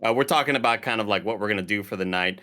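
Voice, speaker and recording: A man's voice: fairly low pitch, very fast, pushed and bright. A man co-hosting a podcast, recounting a night out in an upbeat, easygoing way. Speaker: podcast co-host. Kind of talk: casual storytelling chat.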